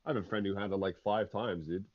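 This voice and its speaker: A man's voice: fairly low pitch, fairly even intonation, fast, a crowd in the background. A man on voice chat who ribs the others in a blunt, casual way. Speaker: stream guest on voice chat. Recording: dull dry lo-fi mic.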